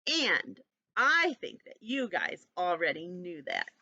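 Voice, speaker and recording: A woman teacher reading a storybook to young children, gentle and animated, stopping to ask them questions. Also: lowish voice, slow, no echo, muffled recording.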